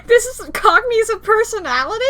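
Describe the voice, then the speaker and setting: A woman streamer giving animated, swearing, laugh-filled commentary while playing a game. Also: very high voice, brisk, soft background music. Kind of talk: casual let's-play commentary.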